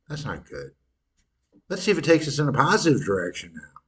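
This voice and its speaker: A man hosting a podcast, adding wry, crude commentary between his own recorded clips and softening his jokes afterward. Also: mid-range voice, huge pitch swings, a little fast. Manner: wry, crude, self-correcting. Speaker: podcast host.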